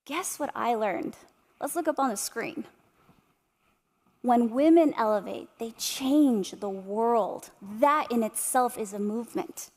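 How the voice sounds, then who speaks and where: A woman's voice: on the high side, slow, in a large hall. A woman in her thirties giving an inspirational keynote to a live audience, speaking passionately and asking them rhetorical questions. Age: 30s. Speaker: motivational speaker.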